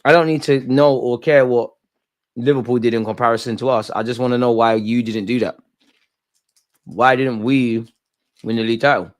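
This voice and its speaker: A man's voice: mid-range voice, fairly even intonation, normal speed, pauses often. A young man hosting a live football watch-along, talking in rambling, opinionated banter. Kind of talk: casual live match commentary.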